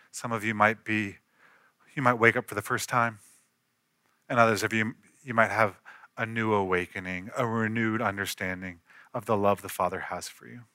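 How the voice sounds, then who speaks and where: A man's voice: fairly low pitch, bright, forceful tone, clean tone, no echo, studio quality. A man in his thirties, a pastor, preaching an earnest storytelling sermon that rises to emphatic peaks.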